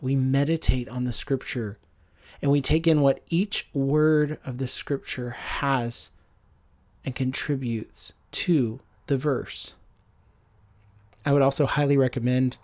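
A man teaching on scripture for a podcast, speaking in a measured, earnest way with frequent ums. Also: mid-range voice, a little mellow.

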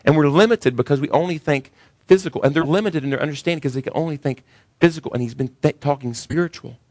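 Male pastor, lowish voice, animated sermon delivery, dry close recording. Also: dry recording. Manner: animated preaching that rises high when voicing others.

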